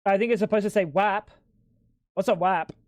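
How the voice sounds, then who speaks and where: A man's voice: high voice, moderate pace, no echo. A young man streaming live at home, bantering with chat in a crude, joking way. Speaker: livestreamer.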